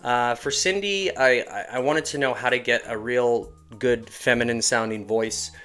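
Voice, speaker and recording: A man's voice: medium pitch, normal speed, fairly bright tone, soft background music. Casual man walking through a tutorial. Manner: casual, rambling, self-deprecating. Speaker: animator and creator. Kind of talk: tutorial walkthrough.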